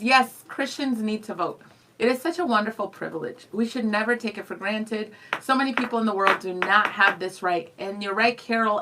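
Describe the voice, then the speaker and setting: A woman's voice: medium pitch, noisy background. A woman co-hosting a radio show in the studio, reading listener comments aloud with a bubbly, teasing manner. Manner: bubbly, laughing, quick to tease.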